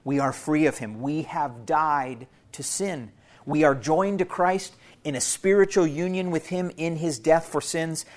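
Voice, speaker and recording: A man preaching a sermon to his church in an earnest, teaching manner, repeating key phrases for emphasis and speaking to listeners as family. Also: a little high. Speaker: pastor.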